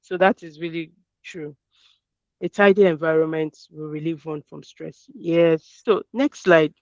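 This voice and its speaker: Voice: mid-range voice, darkish tone, no echo. Workshop presenter, conversational and affirming, stresses key words over a muffled, dry video-call mic. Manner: reads out audience answers and affirms them with quick "yeah"s. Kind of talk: interactive workshop talk. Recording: dull, dry, lo-fi call audio.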